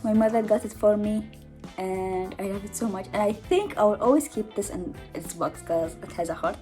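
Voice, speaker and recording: A woman's voice: mid-range voice, normal speed, dark tone, faint music behind. Giggly, breathless young woman vlogging. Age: 20s. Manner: chatty, giggly, self-mocking. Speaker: beauty vlogger. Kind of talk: casual makeup haul chat. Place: at home in her mother's house. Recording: home vlog with background noise.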